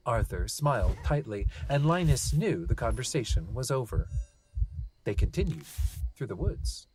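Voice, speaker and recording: A calm audiobook reader tells the story with lively, expressive pitch movement. The voice sits in a middle register. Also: unhurried, noisy background. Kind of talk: audiobook narration.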